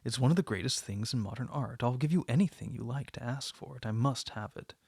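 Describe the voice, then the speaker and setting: A man reading the part of a witty, cynical aristocrat who speaks with languid irony, in a husky voice. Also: medium pitch, fairly quick, a little mellow, dry recording, studio quality. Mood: ironic.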